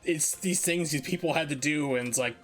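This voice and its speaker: A man's voice: fairly high pitch, fairly quick, a bit bright, faint music behind. A man streaming a speedrun, chatting casually and rambling with lots of fillers. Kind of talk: casual chat while gaming.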